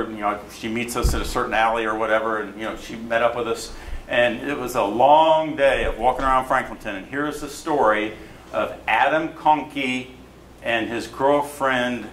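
Animated middle-aged man telling a story. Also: medium pitch. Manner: animated storyteller acting out quoted dialogue. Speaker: newspaper photojournalist telling a story at an event. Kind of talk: storytelling talk to an audience. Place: event hall. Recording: echoey room with faint noise.

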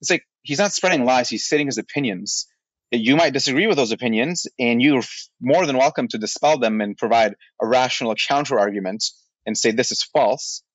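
A man in the middle of a podcast rant, blunt and exasperated, swearing as he pushes his point. His voice sits at an ordinary pitch. The audio is dry and a little muffled, like a lo-fi recording. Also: fairly quick, slightly rough, no room sound. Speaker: podcast co-host. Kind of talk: heated rant in casual podcast chat.

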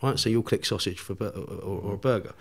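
A man's voice: fairly low pitch, quick pace, breathy edge. Foul-mouthed man telling a story. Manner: swears constantly, animated storytelling with laughs. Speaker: podcast guest. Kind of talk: storytelling in casual chat.

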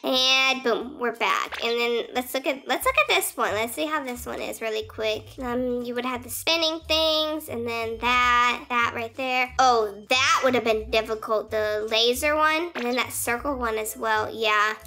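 A woman's voice: a little high, unhurried, hardly any pauses, bright, forceful tone. A young adult woman giving casual, upbeat commentary on her own gameplay and talking straight to her viewers. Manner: chatty and upbeat, talks to viewers. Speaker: gaming YouTuber. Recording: faint game music behind.

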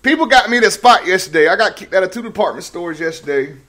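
A man's voice: high voice, animated, quick pace, fairly bright tone, slight background noise. A man hosting a casual talk show, telling profane, rambling stories and laughing often. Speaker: host.

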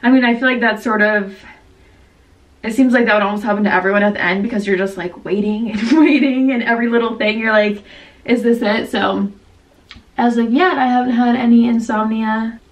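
Breathless pregnant woman, young, chatty vlog delivery, higher voice, mic a little distant. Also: steady tone, fairly quick. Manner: chatty, filler-heavy, laughs often. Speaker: vlogger. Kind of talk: casual vlog chat.

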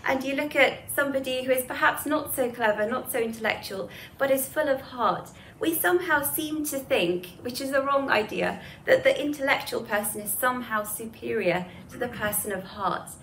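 Woman speaker, conversational moral lesson, voice on the higher side, faint room ambience. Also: normal speed, fairly bright tone, slight background noise. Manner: conversational and explanatory, with asides and light laughter. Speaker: speaker giving a talk on Hinduism to students. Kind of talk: spoken moral lesson with storytelling.

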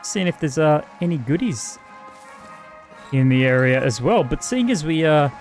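This Australian gaming host sounds a little high, with lively intonation and a moderate pace, while faint music plays behind. His let's-play commentary is casual and profane, and he chats to the characters as he goes.

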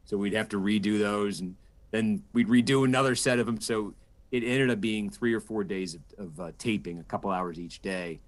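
A man's voice: lowish voice, moderate pace. A man in his forties, a political correspondent, giving thoughtful interview answers with frequent restarts and fillers. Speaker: political correspondent and podcast host, guest.

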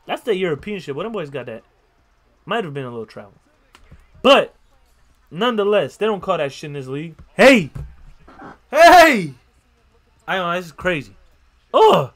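A young man hosting a casual basketball reaction video, excitable and slangy, swearing and breaking into loud outbursts. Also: on the high side, fairly quick, long pauses. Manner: slangy, repeats catchphrases. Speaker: YouTube reaction host.

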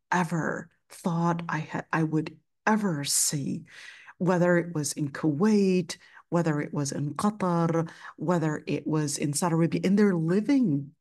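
A woman's voice: lowish voice, darkish tone. Impassioned woman teacher retelling a story. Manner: impassioned, acts out both sides of a conversation. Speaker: Islamic studies teacher. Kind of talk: storytelling lesson with quoted dialogue.

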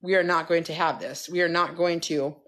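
Woman, wellness coach, livestream pep talk, profane, fired-up, slightly low voice. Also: fairly even intonation, a little fast, a bit bright. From United States.

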